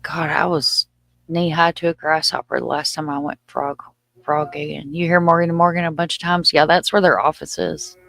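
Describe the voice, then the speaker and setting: A Southern woman hosts a laid-back livestream, talking in a chatty, folksy way and answering viewers. Her voice has a gravelly, fried edge. The sound is dry and close, with no room echo. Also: deep voice, fairly even intonation, normal speed, fairly bright tone. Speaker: livestream host. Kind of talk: casual livestream chat.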